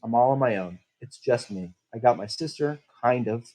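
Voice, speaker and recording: This man sounds expressive and a little mellow, medium in pitch and moderate in pace. He's voicing his tabletop game character's backstory in first person, bitter and heavy on profanity as he rambles. The recording is rough.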